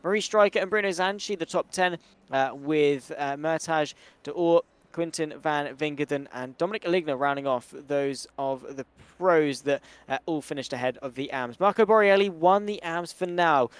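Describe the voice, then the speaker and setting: Brisk man calling a sim race. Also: on the high side, smooth, no room sound. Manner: brisk, chatty play-by-play with British slang. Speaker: sim racing commentator. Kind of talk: live race commentary.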